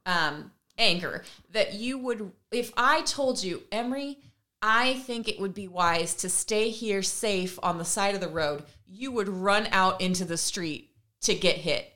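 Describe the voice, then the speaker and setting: A woman co-hosting a podcast, telling a parenting story in a casual, animated way and acting out the conversations. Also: mid-range voice, unhurried. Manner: animated, acts out remembered conversations with laughs. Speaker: podcast co-host and mother.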